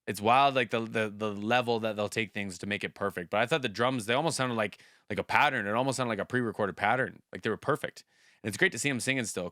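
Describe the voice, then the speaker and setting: A man's voice: medium pitch, pushed and bright, dry recording, studio quality. A man hosting a music reaction video, chatting casually and enthusiastically with a rambling flow of fillers.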